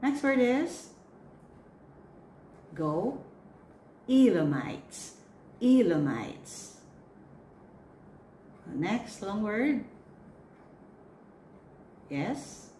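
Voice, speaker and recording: Woman, pronunciation coach, very slow, repeats each word, echoey room. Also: mid-range voice, sing-song, mellow. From Philippines. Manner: says each word slowly, then repeats it. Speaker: pronunciation coach for church lectors. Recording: echoey room with faint noise.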